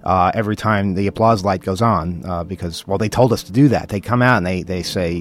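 Low-voiced chatty radio host man. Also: brisk, hardly any pauses. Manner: chatty, wry, stumbles over words. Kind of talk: casual radio talk. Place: radio studio.

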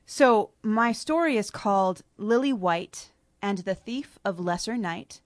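A woman's voice: mid-range voice, animated, measured pace, dry recording, clean studio sound. A woman author, chatting casually with frequent laughs about her story, then reading from it. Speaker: author guest.

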